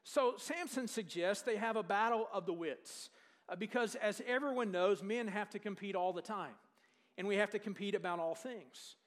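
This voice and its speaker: A male preacher with a notably high voice delivers a sermon at normal speed. He retells the scripture story in a lively way, putting questions to the congregation and dropping in jokes as he goes.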